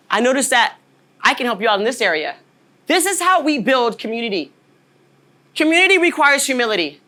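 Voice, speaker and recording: Woman, 40s, leadership trainer, motivational talk, emphatic, keeps asking "right?", bright tone. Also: high voice.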